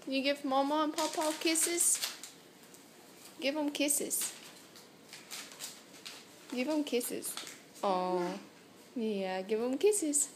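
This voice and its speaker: A young mother coaxes her toddlers in slow, drawn-out sing-song baby talk, her voice pitched high. It was caught on a handheld home camera in the living room, with a faint hiss behind her. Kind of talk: home video, talking to small children.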